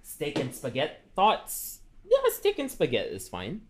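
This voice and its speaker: A man's voice: a little high, wildly swooping pitch, moderate pace. A man chatting casually on a cooking livestream, rambling with many fillers and calling himself by name in the third person. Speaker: streamer.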